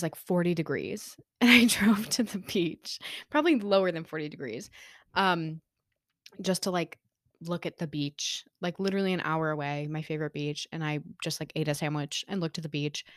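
A woman's voice: low-pitched, fairly quick, no echo, studio quality. A young woman hosting her own podcast, chatting casually and filling her talk with "like" and "um". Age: young adult. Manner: chatty, heavy use of "like" and "um", frequent laughter. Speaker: podcast host. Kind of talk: casual chat. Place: her room.

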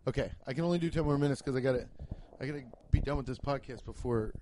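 Fast-swearing rambling man. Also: mid-range voice, dark tone, dry recording. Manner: profane, rambling, hyped. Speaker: podcast host. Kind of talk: rambling comedic podcast monologue. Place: home kitchen.

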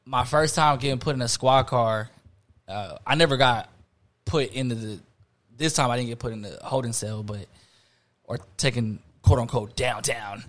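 A man's voice: medium pitch, moderate pace, fairly bright tone. A young man telling a story in a casual chat, laid-back and full of slang and fillers. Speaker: podcast host.

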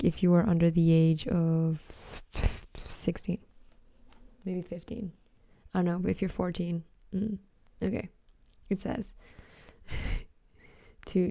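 With no echo and a close, dry sound, a teen girl hosts a relaxed solo podcast, laughing and cursing openly while she reads out messages. She speaks low, with a warm, mellow tone and lots of vocal fry.

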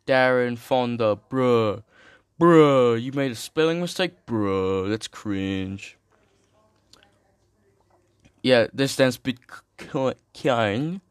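A man's voice: fairly low pitch, clear, resonant tone, no room sound. A young man reads a finance article aloud, breaking off for slangy jokes and stumbling over terms. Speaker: streamer reading an article. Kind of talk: casual reading with commentary.

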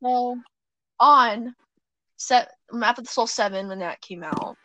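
Sitting on her bed at home, a young woman co-hosting a podcast rambles through a casual chat, giggling and fixing her words along the way. Her voice is a little high, bright, and forceful, her pace is slow, and the audio quality is poor.

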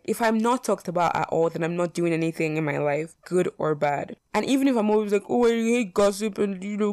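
Young woman vlogging, kinda low voice, blunt and chatty, lots of "like", dry close sound. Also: darkish tone, no echo. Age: young adult. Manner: chatty, filler-heavy, blunt and swears freely. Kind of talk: casual would-you-rather chat.

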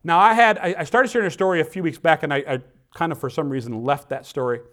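A man delivers a sermon from the pulpit, his voice sitting a little higher than usual for a man. He swings between loud, emphatic declarations and quiet, conversational asides. When he reads scripture he slows down and leans on every phrase. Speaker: pastor.

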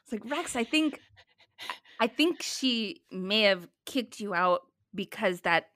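A woman in her thirties in casual chat, telling a story with lively quoted dialogue. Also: mid-range voice, takes it slowly, dry recording.

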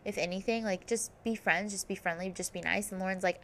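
A woman's voice: mid-range voice, fairly even intonation, brisk, a little hiss or hum. A woman hosting a podcast, recapping a reality TV season in casual chat, full of "like" and "um". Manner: chatty, fillers like "like" and "um". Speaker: podcast host.

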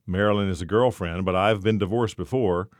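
A man's voice: sits low, brisk, no echo, studio quality, lightly acted. A man reading the lines of a scheming bartender in his forties, conspiratorial and hesitant.

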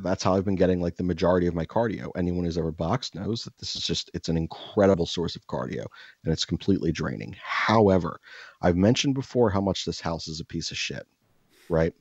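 This man has a low, deep voice, recorded close and dry on a slightly dull mic. He tells a story in a loose, rambling way, packed with "like" fillers and crude jokes. When he acts out quoted lines, his pitch jumps up. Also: darkish tone, slightly rough, no echo. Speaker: podcast host. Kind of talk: casual storytelling chat.

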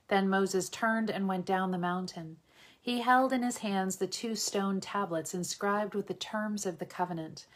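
Reader: woman, lowish voice, steady measured scripture reading. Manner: steady measured reading, voicing quotes lightly. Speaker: Bible reader.

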